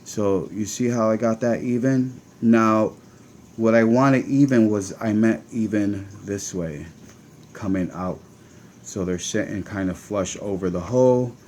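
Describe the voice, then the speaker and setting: A man's voice: lowish voice, unhurried, a little mellow, a little hiss or hum. A man with a Connecticut accent, casually talking viewers through a hands-on build as he works. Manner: chatty, talks to viewers while working. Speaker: vape channel host.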